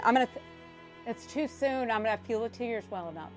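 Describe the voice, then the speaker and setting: A woman hosting a casual live stream while opening cards, excitable and emotional, swearing freely. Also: a little high, a little fast, soft background music. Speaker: livestream host.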